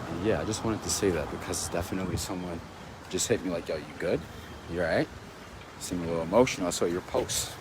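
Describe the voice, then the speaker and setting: A man ranting casually to his viewers, rambling and repeating himself, his volume swinging from loud to quiet. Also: medium pitch. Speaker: vlogger. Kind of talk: casual rant to camera. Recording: outdoor street noise.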